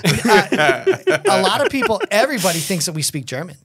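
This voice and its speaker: Crude, animated male podcast co-host. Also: high-pitched, moderate pace, vocal fry, slightly rough. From United States. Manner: crude, swears a lot, animated storyteller. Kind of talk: casual chat.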